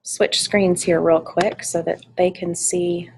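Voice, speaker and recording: A woman's voice: fairly low pitch, level tone, slow, a little hiss or hum, poor audio. A woman coordinating volunteers, giving a practical training talk with frequent fillers, speaking to a room and an online meeting. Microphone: online meeting mic, at varying distance.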